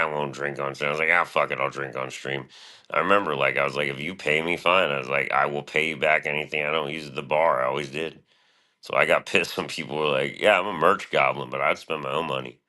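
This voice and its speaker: A man's voice: rumbling low, pushed and bright. A middle-aged man streaming, talking in a profane, meandering, laid-back monologue. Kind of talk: casual rambling monologue.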